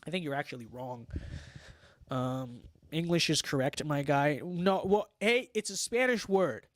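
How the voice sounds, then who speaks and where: Wry young man reading chat, fairly high voice. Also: measured pace. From Los Angeles, United States. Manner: wry, sarcastic, mock-boastful. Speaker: livestream host reading chat. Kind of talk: casual livestream chat.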